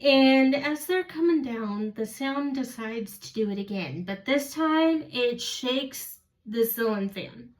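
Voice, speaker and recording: A woman's voice: on the high side, lively intonation, takes it slowly, hardly any pauses, distant mic. A woman telling a story in a casual, rambling way, often stopping to correct herself. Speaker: vlogger.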